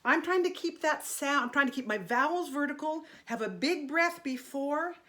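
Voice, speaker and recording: A woman's voice: sits high, expressive, normal speed, sharp tone. A middle-aged woman teaching an online singing lesson, chatty and encouraging, breaking off into sung vocal exercises.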